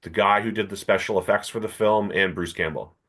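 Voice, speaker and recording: A man co-hosting a comics podcast, telling anecdotes in a relaxed, casual way. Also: on the low side, fairly quick. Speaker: podcast co-host. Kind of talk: casual chat, storytelling.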